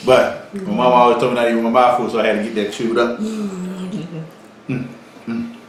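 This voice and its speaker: A man's voice: medium pitch, flat delivery, very fast. A man co-hosting a casual eating vlog, joking around and boasting through his stories. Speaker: vlog co-host. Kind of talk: casual mukbang chat. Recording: very echoey room, faint background noise.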